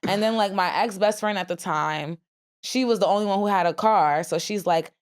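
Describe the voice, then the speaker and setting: A woman in her thirties co-hosting a casual podcast. She tells lively stories full of slang and profanity, and acts out what people said. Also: medium pitch, brisk, clean tone. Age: 30s. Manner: animated storyteller, profane and slangy, acts out quotes. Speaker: podcast co-host.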